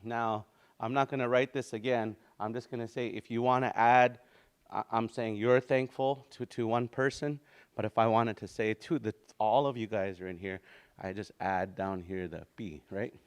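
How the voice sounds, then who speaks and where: A man teaching a language lesson in a relaxed, easygoing way, slowly repeating words for practice and often restarting his sentences. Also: on the low side, clear, resonant tone. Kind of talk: informal spoken language lesson.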